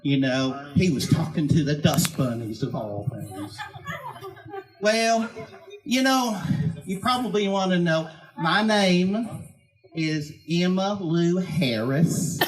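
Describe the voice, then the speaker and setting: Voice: medium pitch, close to an everyday voice. A performer playing a chatty, folksy church lady, a woman who rambles through stories and laughs through her lines at a live karaoke night. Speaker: stand-up comic character. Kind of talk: live stand-up storytelling. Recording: loud background noise, clicking.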